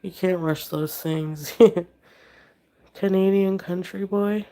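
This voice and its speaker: A woman's voice: medium pitch, fairly even intonation, slow pace, warm tone. A woman with a sick voice chatting on a livestream, rambling between reading out chat comments and talking to her pet.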